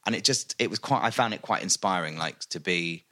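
A man with a very low voice, chatting eagerly on a podcast. He talks about food with lots of fillers, restarts and a loose, enthusiastic flow. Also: fairly quick, pushed and bright, dry recording. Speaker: podcast guest, food and travel writer. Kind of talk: casual chat.

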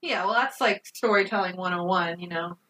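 A woman's voice: fairly low pitch, moderate pace, sharp tone, rough recording. A woman co-hosting a casual movie recap, blunt and laughing often, swearing freely.

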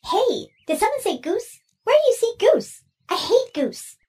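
A naive, eager robot fellow from a cartoon, voiced by an actor, talks high and sing-song with big swoops. He chatters on earnestly and takes everything literally. The sound is a touch distant from the mic. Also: very animated, a little slow, a little mellow, full character voice. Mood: chirpy. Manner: chatty, earnest, misses sarcasm. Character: naive literal-minded male robot named Kika/Geek.

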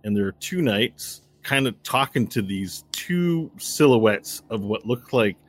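A man narrating a tabletop fantasy game as game master in a relaxed, conversational way. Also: a little slow. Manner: relaxed, conversational, low-key.

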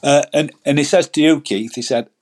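A man's voice: on the high side, a little fast. A man, telling rambling stories as a guest in a casual chat, often repeating words. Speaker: guest angler.

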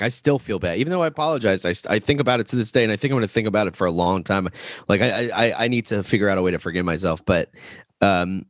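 A man's voice: lowish voice, dry recording. A young man, a podcast guest, telling a candid, profane story in casual chat.

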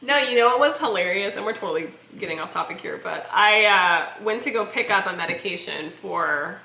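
A woman's voice: mid-range voice, expressive, a little fast, vocal fry, sharp tone. A woman co-hosting a casual chat podcast, telling stories animatedly, acting out quotes and laughing often. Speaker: podcast co-host. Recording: roomy echo.

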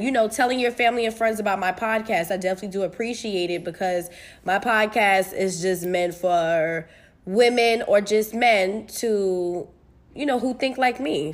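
Podcast host, young adult woman, casual and profane, talks straight to her listeners, mid-range voice. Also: medium pitch. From United States. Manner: candid, profane, animated with bursts of laughter. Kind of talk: casual solo podcast chat.

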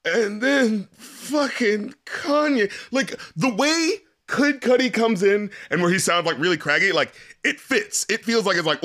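Animated man with a bright, forceful voice. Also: high voice, moderate pace, few pauses. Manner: animated, laughs often, swears, acts out lyrics in voices. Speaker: podcast co-host reviewing rap albums. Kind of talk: casual chat.

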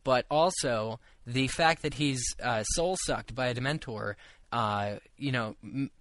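A man's voice: mid-range voice, unhurried, fairly bright tone, dry recording. A young man co-hosting a casual group podcast chat, rambling with lots of fillers and restarts. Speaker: podcast co-host.

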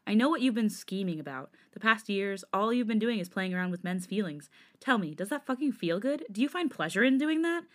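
A woman's voice: mid-range voice, lively intonation, fairly quick, few pauses, lightly acted. A woman voicing a hot-tempered, protective young man in a fan fiction reading; he snarls harsh, profane retorts. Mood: contemptuous.

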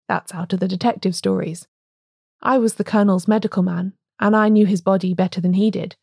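A woman's voice: mid-range voice, fairly even intonation, fairly quick, creaky, dark tone, no room sound. A woman voicing a dry, matter-of-fact doctor. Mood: dismissive. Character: dry, confident male village doctor.

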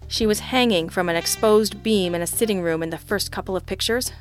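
A woman's voice: medium pitch, brisk, soft background music. A woman narrating a first-person hard-boiled detective story in a wry, sardonic, teasing manner. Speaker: audiobook narrator.

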